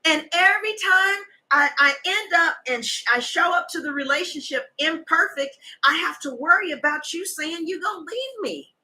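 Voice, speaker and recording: A woman's voice: very high voice, lively intonation, moderate pace, sharp tone, poor audio. A woman tarot reader talking in a casual, heated monologue, emphatic and full of profanity.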